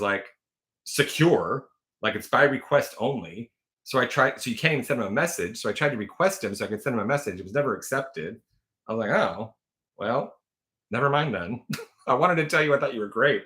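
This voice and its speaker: A man's voice: medium pitch, animated, fast talker, pushed and bright. A man hosting a casual livestream, telling rambling stories full of fillers and self-corrections. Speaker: livestream host.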